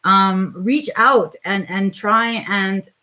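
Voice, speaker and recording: Speaking slowly in a medium-pitched voice that sounds pushed and bright, a middle-aged vlog host talks with viewers on a live stream. She is reflective and tentative, using plenty of "um"s and "right?"s.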